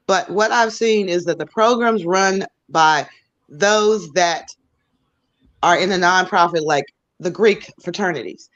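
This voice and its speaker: A woman's voice: fairly low pitch, lo-fi sound. An American woman on a podcast panel, arguing her case and explaining in numbered points. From United States. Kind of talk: heated panel discussion.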